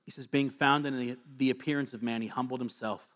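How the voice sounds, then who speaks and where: A male pastor preaching a sermon to a gathered audience, earnest and confessional, moving between quiet asides and emphatic repeated lines. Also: mid-range voice, steady tone, a little fast.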